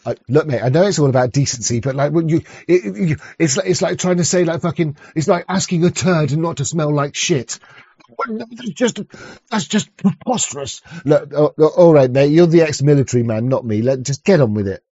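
A man's voice: on the high side, moderate pace, dark tone, slightly rough, no echo. A man ranting in rambling reaction commentary, crude and sarcastic, with frequent restarts, on a dull lo-fi mic. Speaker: streamer reacting to a clip.

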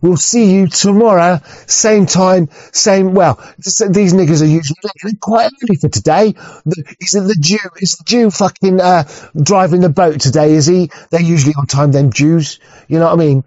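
A man's voice: fairly high pitch, a little fast, a little mellow, no echo. A man from England delivering a profane, rambling monologue, stammering and restarting often, on dull, dry muffled audio.

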